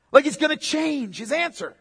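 A man with a notably high voice delivers an emphatic sermon, driving points home by repeating them. His delivery swings between ringing declarations and hushed, almost whispered asides. A long reverb trails each phrase, as from a large church hall. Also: gravelly. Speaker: pastor. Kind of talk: expository sermon.

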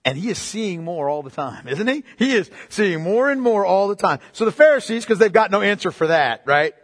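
A man's voice: high-pitched, lively intonation, fairly quick. A man preaching a sermon, emphatic and casual, repeating his phrases, recorded in a church hall. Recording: long reverb of a hall.

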